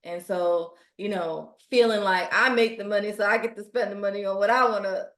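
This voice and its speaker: A woman hosting a podcast, chatting casually and thoughtfully, pausing to search for her words. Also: mid-range voice, steady tone, fairly bright tone. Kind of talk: casual chat. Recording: roomy echo.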